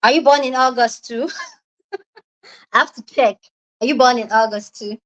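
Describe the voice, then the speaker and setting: A woman from Nigeria, hosting a casual live-stream chat from a room at home and squealing and shouting when excited. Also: fairly high pitch, normal speed, dull audio. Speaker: livestream host.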